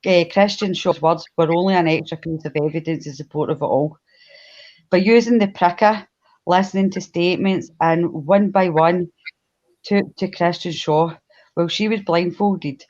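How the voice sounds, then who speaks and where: A woman's voice: on the low side, normal speed, a little mellow, dull audio. A woman with a Glasgow accent, co-hosting a live stream, chatty and laughing often as she tells a history story and greets the chat. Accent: Glaswegian. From Scotland. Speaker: podcast co-host. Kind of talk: casual livestream storytelling.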